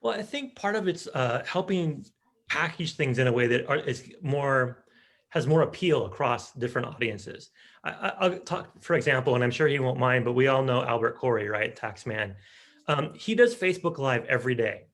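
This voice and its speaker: A man guest explaining his work on a talk show in a measured, explanatory way. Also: mid-range voice, lively intonation, fairly bright tone. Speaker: guest, video editor. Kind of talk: casual chat.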